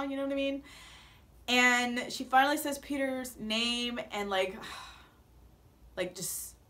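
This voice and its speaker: A young woman with a fairly high voice talks straight to her viewers in a casual recap. She is dramatic and playful, acting out her own reactions as she goes. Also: fairly bright tone. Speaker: vlogger recapping a reality show.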